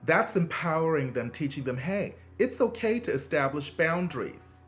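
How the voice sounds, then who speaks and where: A man hosts a video offering parenting advice in a casual, earnest monologue, full of fillers and restarts. He's encouraging and conversational, his sing-song voice swinging emphatically in pitch at a moderate pace over soft background music.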